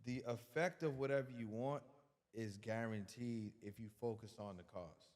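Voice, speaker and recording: A man's voice: lowish voice, moderate pace, a little mellow, in a large hall. A man guest on a podcast giving a casual motivational talk, emphatic and colloquial, repeating words as he builds his point.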